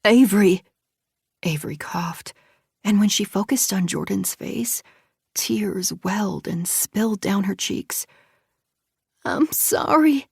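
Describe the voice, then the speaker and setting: A woman narrating a suspense audiobook in a hushed, tense read. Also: mid-range voice, unhurried, vocal fry, breathy edge, no room sound, studio quality. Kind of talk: scripted narration.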